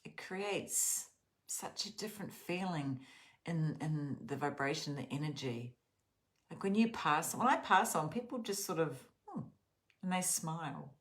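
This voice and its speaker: A woman with a notably low voice hosts a guided journaling session. She talks casually and earnestly about gratitude, rambling and restarting her sentences often. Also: animated, unhurried. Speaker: journaling channel host.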